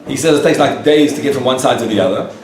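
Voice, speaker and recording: A man who is a rabbi tells a story to a live audience in a lively way and acts out the dialogue. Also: medium pitch, fast talker, soft background music. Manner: animated storyteller acting out quoted dialogue. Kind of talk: storytelling lecture. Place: lecture room with a live audience. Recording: echoey room, picked up from a distance.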